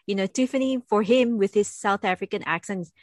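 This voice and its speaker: A woman's voice: medium pitch, brisk, a little mellow, dry recording. Female podcast host, giggly and casual, close dry mic. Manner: chatty, giggly, playful. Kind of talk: casual chat. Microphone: close studio mic.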